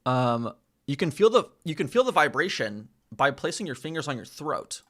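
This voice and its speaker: In this casual vlog, a language-learning man practises pronunciation, saying words repeatedly and mocking how they come out. His voice is fairly high and fairly bright, very animated, at an ordinary pace.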